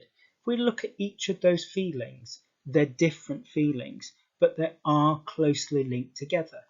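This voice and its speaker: A male British English teacher walks through an exam lesson at a very slow, deliberate pace, leaning on repeated words for emphasis. His voice sits a little high for a man. The recording sounds dull and lo-fi.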